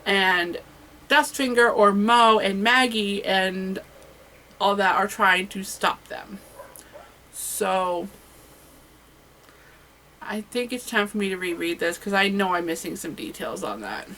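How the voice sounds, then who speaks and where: A woman's voice: medium pitch, slow pace, pauses often, bright, forceful tone, slight background noise, rough recording. Chatty woman vlogging about books. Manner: chatty, enthusiastic, with frequent fillers and self-corrections. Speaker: booktuber. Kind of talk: casual book vlog.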